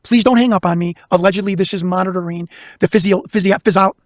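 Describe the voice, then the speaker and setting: A man from Chicago, a guest investigator, telling a long story in casual conversation, talking quickly with lots of restarts. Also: sits high, no room sound, clean studio sound. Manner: fast, animated, talks over himself with restarts.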